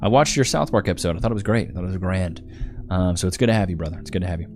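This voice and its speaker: A chummy man with a fairly low voice talks loosely through a livestream, thanking viewers and reading their donations. His talk rambles, with plenty of laughing asides, and faint music plays underneath. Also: rapid-fire, a little mellow. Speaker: livestream host.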